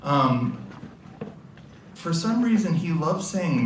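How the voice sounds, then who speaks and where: Relaxed man presenting in an echoey hall. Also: on the low side, measured pace. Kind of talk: casual talk with reading aloud. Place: lecture hall. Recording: echoey hall from far off, noisy.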